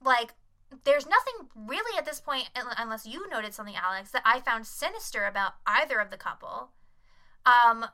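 A woman's voice: fairly high pitch, expressive, moderate pace, pushed and bright. A young woman co-hosting a casual podcast, chatting and gushing with lots of filler words. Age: young adult. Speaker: podcast co-host. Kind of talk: casual chat.

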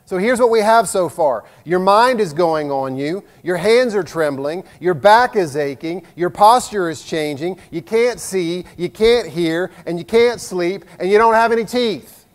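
A man's voice: sits high, expressive, unhurried, few pauses. A man, preaching a sermon in a folksy, self-deprecating way with jokes. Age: 50s. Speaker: pastor. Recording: long hall reverb.

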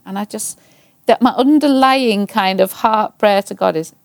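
Earnest woman with a gravelly voice. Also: mid-range voice, moderate pace, no room sound. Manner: earnest, repetitive, acts out her own anxious prayers. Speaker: Christian speaker. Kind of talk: casual personal testimony.

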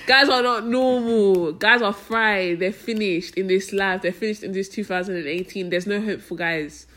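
A young woman talks in a middle-pitched voice on a casual podcast. She is opinionated and emphatic, and her speech is full of slang. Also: normal speed, a bit bright. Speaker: podcast co-host. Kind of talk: casual chat.

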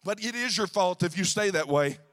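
A man preaching a sermon, shouting in a sing-song cadence with frequent "uh" fillers. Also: sits high, lively intonation, fairly quick.

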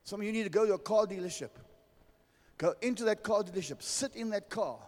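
A man with a South African accent preaching a sermon as pastor, addressing his congregation directly with forceful, repetitive phrasing. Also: high-pitched, brisk. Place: church hall. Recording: long hall reverb.

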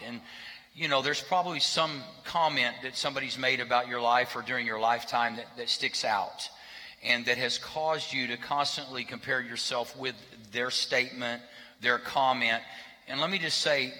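Bright-voiced preacher in an echoing hall. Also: male voice, medium pitch, fairly even intonation, moderate pace. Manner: conversational, joking asides. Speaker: pastor. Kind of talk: sermon. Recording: reverberant hall.

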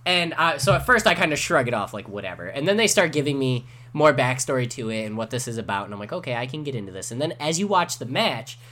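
A man in a casual podcast chat, telling a story with animated energy and swearing freely. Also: medium pitch, quick pace, hardly any pauses.

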